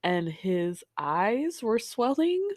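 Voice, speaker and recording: A woman's voice: medium pitch, drawn-out words, no echo, clean studio sound. A woman in her thirties co-hosting a podcast, chatting casually with a stuffy, nasal voice from allergies and acting out family moments as she tells stories. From Oregon, US. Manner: animated storytelling, acting out family quotes. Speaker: podcast co-host. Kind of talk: casual chat.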